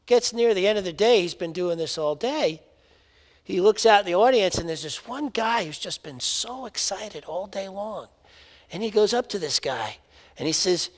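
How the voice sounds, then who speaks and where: A man's voice: sits high, expressive, moderate pace. A man giving a sermon as a spiritual minister, telling a story and speaking emphatically, in a reverberant hall.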